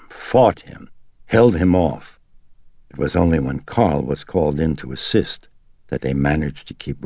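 A man narrating a novel in a measured, dramatic audiobook reading. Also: very deep voice, creaky, a little mellow, breathy edge, no room sound, clean studio sound.

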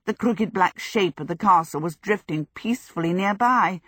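A woman narrating a storybook in a measured, expressive way. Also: fairly low pitch, husky, no room sound. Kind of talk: audiobook narration. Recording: dry close recording.

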